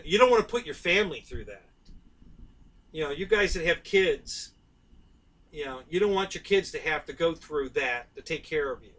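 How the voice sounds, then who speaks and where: A man's voice: a little high, bright, forceful tone, far from the mic, low-quality recording. A middle-aged man, hosting a casual live stream and rambling to his viewers by name.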